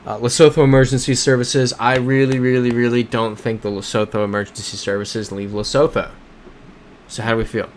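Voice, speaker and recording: A man's voice: mid-range voice, flat delivery, brisk, a little hiss or hum. A man hosting a casual livestream while playing a geography game, talking in a rambling, self-correcting way and answering chat. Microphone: desk microphone.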